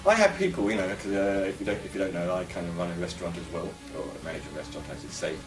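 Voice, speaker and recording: Deep-voiced man musing in a roomy space. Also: lively intonation, racing, over music. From England. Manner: rambling, musing, opinionated. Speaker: vlogger. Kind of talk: casual monologue to camera. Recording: roomy echo, voice from a distance.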